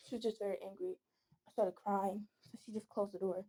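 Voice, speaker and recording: Mellow-voiced teen girl venting earnestly. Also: medium pitch, steady tone, a little fast, slightly rough. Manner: earnest, rambling, pleading. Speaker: vlogger. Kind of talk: casual venting monologue.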